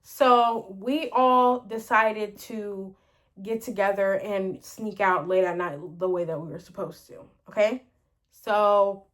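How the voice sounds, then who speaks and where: A woman's voice: mid-range voice, fairly bright tone. A woman telling a story in a casual vlog, rambling with lots of fillers and sounding exasperated. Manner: exasperated, venting retelling. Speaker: storyteller vlogger.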